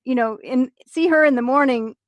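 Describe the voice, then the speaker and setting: A woman co-hosting a podcast, casually retelling a story in an animated way and acting out the quotes. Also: high voice, moderate pace, no echo. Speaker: podcast co-host.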